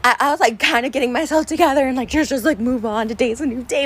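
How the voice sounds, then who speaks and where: A woman's voice: fairly high pitch, a little fast. A young adult woman vlogging unscripted to her viewers, upset and venting in a rambling way, full of "like". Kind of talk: unscripted vlog rant to camera.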